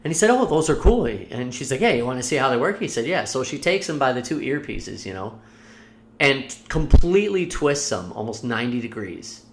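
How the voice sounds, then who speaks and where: A man on a podcast spinning casual stories, swearing freely and jumping into voices for the people he quotes. His delivery swings between low mutters and loud, excited bursts. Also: brisk, slight background noise. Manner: animated, profane storyteller who acts out quotes. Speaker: podcast co-host. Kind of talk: casual storytelling chat.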